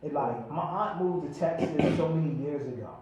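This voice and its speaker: Radio host guy, hyped and chatty, kinda high voice, far off the mic in a real echoey room. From Chicago. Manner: excitable, animated, drawn-out filler "man". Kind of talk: casual radio interview. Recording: very echoey room, distant mic, faint noise.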